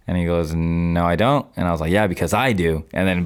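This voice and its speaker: Deep-voiced young man telling a story. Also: fairly quick, smooth. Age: 20s. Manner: animated storyteller, acts out his own past phone calls. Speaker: podcast guest, real estate investor. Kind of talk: casual storytelling interview.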